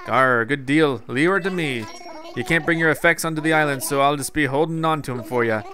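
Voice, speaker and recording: A man voicing a gruff old male pirate boat captain in a put-on pirate accent, growling "yar" as he reads game dialogue aloud. He sounds like someone doing a voice rather than a fully acted character. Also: fairly high pitch, brisk, sharp tone, a little hiss or hum. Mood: jolly.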